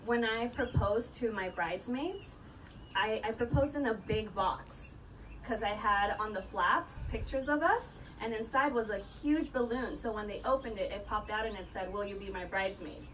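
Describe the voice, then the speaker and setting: A woman's voice: medium pitch, moderate pace, fairly bright tone, distant mic, a little hiss or hum, rough recording. A woman host of a live podcast panel, telling stories in a chatty way and laughing often.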